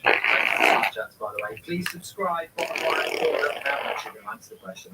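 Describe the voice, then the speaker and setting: A man hosts a relaxed live watchalong, drifting from thought to thought as he reads viewer questions aloud. He sits well back from the microphone. A steady hiss of background noise runs under his voice. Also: medium pitch, fairly quick, vocal fry, distant mic. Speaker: live-stream host. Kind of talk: casual match watchalong chat.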